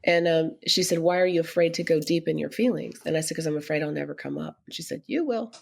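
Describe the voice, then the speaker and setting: A middle-aged woman, a podcast guest, telling a personal story earnestly and growing animated when she quotes others. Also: low voice, quick pace, creaky.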